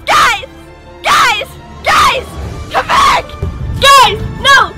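A woman voicing a frantic high-voiced woman left behind by her friends, shouting shrilly and desperately over a clip with music behind. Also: huge pitch swings, drawn-out words, heavily acted.

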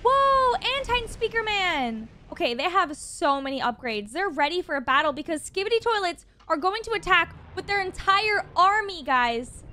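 A woman hosting a reaction video, excitable and gasping often, talking to her viewers. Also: very high voice, moderate pace, hardly any pauses.

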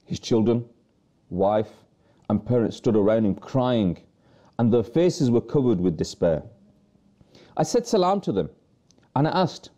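A man's voice: mid-range voice, animated, normal speed, mellow. A man presenting a religious talk to viewers, earnestly preaching with rhetorical questions and repeated phrases.

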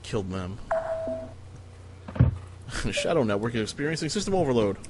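A man streaming a strategy game, giving casual, profane, sardonic commentary as he thinks out loud. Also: mid-range voice, very animated, moderate pace, very noisy.

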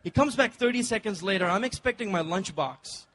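Playful high-voiced man doing stand-up. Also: animated, a little fast, fairly bright tone, a little hiss or hum. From Dubai. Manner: punchy, playful crowd work. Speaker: stand-up comedian. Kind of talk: stand-up comedy set. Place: comedy club stage.

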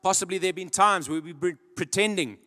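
A man preaching a sermon in earnest storytelling style, dropping to a hush and then rising to loud emphasis. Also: high voice, brisk. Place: large church hall. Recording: long church-hall reverb.

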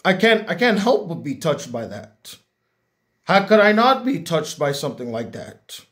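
A young YouTube critic gives a sincere, reflective talk to his audience, frequently repeating words as he thinks. His fairly high voice swings widely in pitch, sounds a bit bright, and moves at a moderate pace. He speaks straight to camera from the heart.

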